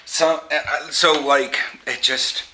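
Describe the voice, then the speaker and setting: A man from the US Pacific Northwest giving opinionated vlog commentary, halting and restarting his sentences, with wry asides. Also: on the high side, fairly even intonation, noisy background. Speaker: vlogger.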